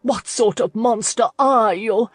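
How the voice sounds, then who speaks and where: A woman's voice: a little high, unhurried, no echo. A woman reader voicing a haughty, scornful older aristocratic lady with a spiteful edge.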